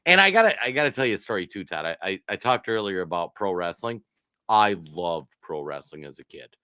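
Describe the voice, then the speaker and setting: Co-hosting a casual political talk show, a Minnesota man tells stories with animation and acts out what people said. His voice is low with a clean tone, recorded dry.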